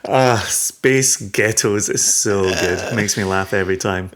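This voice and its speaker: A man's voice: fairly low pitch, unhurried. A man co-hosting a casual podcast, teasing his partner and thinking aloud in a reflective way. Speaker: podcast co-host.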